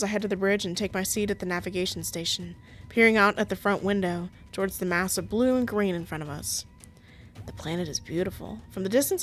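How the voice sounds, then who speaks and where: A woman with a sore throat, reading a visual novel aloud and breaking off into casual, self-mocking asides. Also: medium pitch. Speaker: game streamer.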